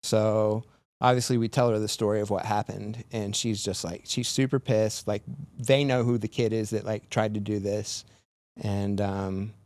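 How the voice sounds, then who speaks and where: A man's voice: on the low side, flat delivery, normal speed, a little mellow. A man on a podcast, casually telling a long story full of "like" fillers. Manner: rambling, filler-heavy retelling with lots of "like". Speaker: podcast guest.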